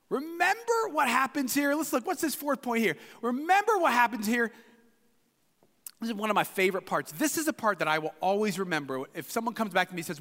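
A man's voice: extremely high pitch, very animated, fast, bright, forceful tone. A man preaching a sermon as pastor, emphatic and repeating phrases for emphasis. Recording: long hall reverb.

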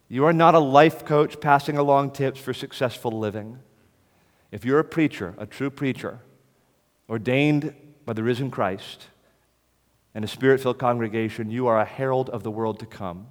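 Forceful man preaching in a reverberant hall. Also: medium pitch. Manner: forceful, emphatic repetition. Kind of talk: sermon to pastors.

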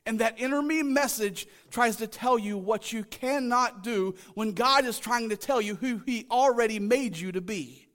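A man's voice: very high-pitched, normal speed, few pauses, a bit bright. A male pastor preaching a sermon, emphatic and repeating his key lines to the congregation.

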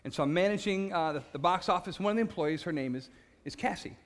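Speaking fast in a high voice, a man tells his personal faith testimony with animation. He stumbles over repeated words, laughs at himself, and describes himself as passionate and loud.

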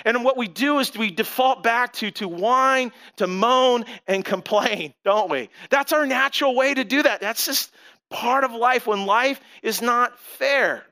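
Bright, clear-voiced male preacher. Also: extremely high pitch, unhurried. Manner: conversational storytelling preacher with animated asides. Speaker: pastor. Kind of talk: sermon.

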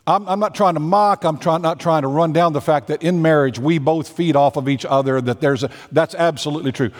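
A man's voice: on the high side, a little mellow, long reverb tail. A man preaching a sermon, emphatic, repeating phrases and restarting as he makes his points. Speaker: pastor.

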